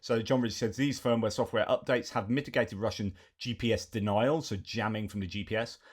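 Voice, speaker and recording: Chatty man, lowish voice. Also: steady tone, a little fast, husky. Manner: chatty, reels off lists, frequent fillers. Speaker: commentator. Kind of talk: casual news commentary.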